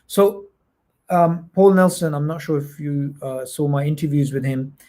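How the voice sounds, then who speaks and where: A man hosts a live Q&A, taking callers and explaining ideas in bursts. He talks fast and emphatically, often stumbling and restarting. His voice sits a little higher than most men's. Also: flat delivery, warm tone. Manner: quick, emphatic, many repeated restarts. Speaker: host. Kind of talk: livestream Q&A hosting.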